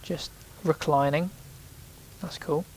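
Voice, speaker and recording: A man's voice: fairly high pitch, steady tone, slow pace, a little hiss or hum, poor audio. A man giving casual let's play commentary, chatty and reacting aloud with sudden exclamations as he plays.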